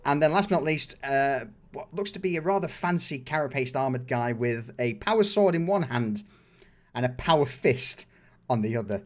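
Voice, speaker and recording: A man's voice: medium pitch, lively intonation. A man narrating as game master in a tabletop role-playing session, often laughing between lines. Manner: slow, unhurried narration with frequent laughs.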